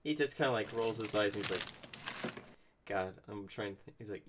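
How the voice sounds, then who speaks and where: A man's voice: on the low side, a little fast, pauses often. A man chatting casually as a player in a tabletop game.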